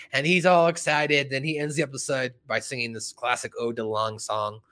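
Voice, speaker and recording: A man's voice: mid-range voice, normal speed. A man casually recapping a cartoon episode, laughing and acting out lines from it. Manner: animated, laughing, acts out character lines. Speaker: podcast host.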